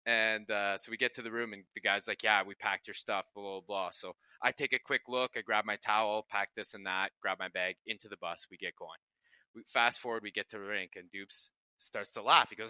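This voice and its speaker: Young guy on a podcast telling stories, keeps laughing, lowish voice, super clear. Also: brisk, sharp tone, no room sound. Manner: laughs often while telling stories, swears casually. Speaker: podcast co-host. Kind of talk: casual podcast storytelling.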